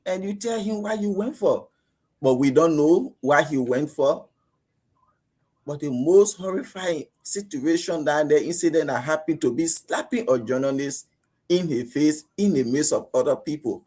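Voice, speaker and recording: A Liberian man giving animated talk radio commentary, acting out police stops as he argues. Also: moderate pace, husky. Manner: animated, rising pitch when outraged, acts out police exchanges. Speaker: radio panelist.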